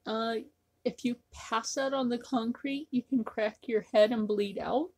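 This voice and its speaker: Slow, husky-voiced woman rambling to camera. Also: a little high, fairly even intonation, a little mellow. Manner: rambling, repetitive, with many fillers. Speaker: vlogger. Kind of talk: casual talk to camera.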